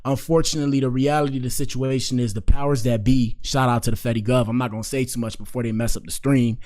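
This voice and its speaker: In casual live-stream commentary, the host chats in a slangy, meandering way with many fillers. His medium-pitched voice has a slightly mellow quality.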